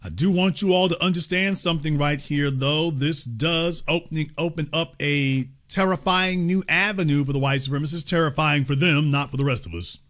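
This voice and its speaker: A middle-aged man hosting a heated political monologue, emphatic and sarcastic, taunting with loud outbursts and low asides. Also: moderate pace, few pauses. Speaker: political commentary host.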